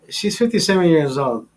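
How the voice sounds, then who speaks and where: Male stream host, slightly high voice, profane and rambling. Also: a little mellow. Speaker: livestream host. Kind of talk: casual crude chat.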